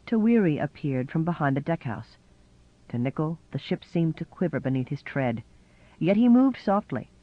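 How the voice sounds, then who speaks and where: A man's voice: a little high, dry recording. Man narrating a novel, dry lo-fi sound. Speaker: audiobook narrator. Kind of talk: scripted narration.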